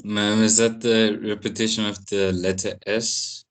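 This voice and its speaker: Deep, slow-spoken South African student. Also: male voice, little pitch movement. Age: young adult. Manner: hesitant answers with pauses.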